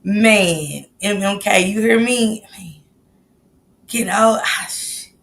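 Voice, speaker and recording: A woman's voice: mid-range voice, slow pace, gravelly, a bit bright. A woman in her late forties hosting a live stream, chatting casually and greeting viewers by name. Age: 40s. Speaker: livestream host.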